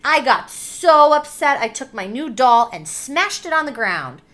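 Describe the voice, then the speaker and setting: Gentle woman reading aloud to children. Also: sits high, very animated. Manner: gentle, coaxing, pauses to ask questions and spells letters slowly. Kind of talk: children's read-aloud with comprehension questions.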